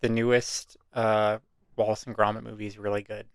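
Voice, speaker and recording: Male podcast co-host, smooth low voice, blunt and offhand, dry close mic. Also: little pitch movement, brisk, no room sound. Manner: offhand, blunt movie recaps. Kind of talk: casual chat.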